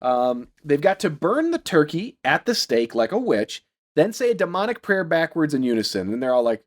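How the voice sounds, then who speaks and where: A man's voice: on the high side, big pitch swings, normal speed. A man co-hosting a podcast, recapping a film's plot in casual chat and slipping into silly voices for the quotes. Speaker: podcast co-host recapping a film.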